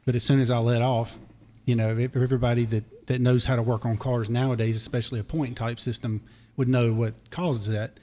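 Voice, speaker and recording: A man, a podcast guest telling a long, digressive story in a hoarse voice because he is losing it. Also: medium pitch, flat delivery, a little fast, mellow. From Charlotte area, North Carolina. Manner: digressive, detail-heavy storyteller. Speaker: podcast guest, former race mechanic. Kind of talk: long rambling story told in casual chat.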